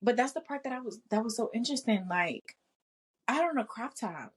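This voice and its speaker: A woman's voice: fairly high pitch, brisk, slightly rough. A woman co-hosting a casual chat podcast, telling stories with frequent laughs and free swearing. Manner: laughs often, swears freely, animated storytelling. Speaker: podcast co-host.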